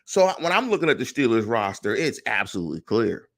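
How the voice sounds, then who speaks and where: A middle-aged man runs a solo sports podcast in a mid-pitched voice. His intonation rises and falls a lot, and he keeps turning his points into rhetorical questions for the audience. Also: fairly quick. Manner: animated, rhetorical questions to listeners. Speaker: podcast host.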